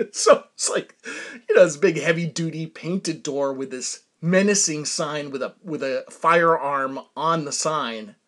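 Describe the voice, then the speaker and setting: A man's voice: on the high side, a little slow, fairly bright tone. A man with a New England accent, hosting a podcast and telling a rambling, self-amused story, often chuckling and dropping to a mutter for asides. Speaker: podcast host. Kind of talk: casual storytelling monologue.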